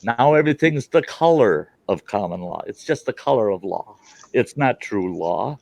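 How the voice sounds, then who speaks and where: A man's voice: fairly low pitch, lively intonation, normal speed, gravelly, darkish tone, no room sound. A man ranting bluntly in a casual group chat, acting out dialogue as he goes. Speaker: call participant.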